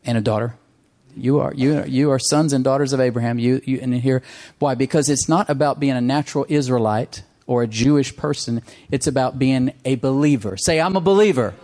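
This is a man delivering a sermon in an ordinary mid-pitched voice. He leans on repetition, says lines again and again, and keeps asking his listeners for an amen. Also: fairly even intonation, fairly quick, hardly any pauses, mellow. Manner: emphatic, calls for amens, repeats phrases. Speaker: preacher.

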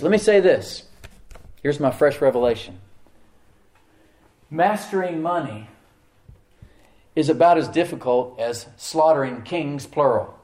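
A middle-aged male pastor delivers a sermon in a relaxed, conversational way, often turning to the congregation with questions. His voice sits a little higher than most men's.

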